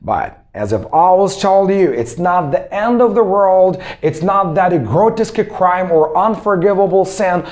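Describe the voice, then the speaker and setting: A man teaching English in an online lesson. He talks in a motivational way and repeats words slowly so learners can drill them. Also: sits high, lively intonation, darkish tone. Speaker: English teacher and self-improvement coach.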